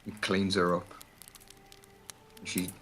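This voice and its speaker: A man's voice: deep voice, monotone, slow pace, bright, forceful tone, slight background noise, rough recording. A man narrating a tabletop game as game master, in a loose, descriptive way with many fillers.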